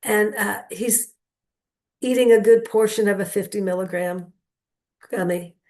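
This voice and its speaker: A woman's voice: medium pitch, measured pace, a little mellow. Older lady doing standup, wry rambly stories, medium voice. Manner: rambling, wry storytelling with asides. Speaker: comedian. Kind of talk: stand-up storytelling.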